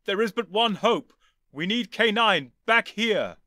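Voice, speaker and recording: A man voicing an urgent, quick-thinking male Time Lord hero who shouts commands, in an audiobook reading. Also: high voice, animated, no room sound, studio quality, pitched above the performer's own voice, exaggerated voice.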